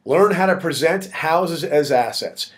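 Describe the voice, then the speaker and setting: A man's voice: fairly high pitch, a little slow. A man leading a real estate network, giving direct, emphatic coaching in a motivational video blog. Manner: direct, emphatic pep talk addressing the audience as "guys".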